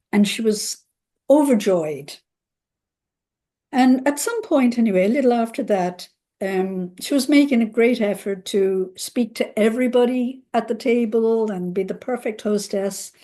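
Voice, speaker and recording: A woman therapist recounting a client's story in a relaxed conversational way, acting out the quoted voices with lively emphasis. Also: mid-range voice.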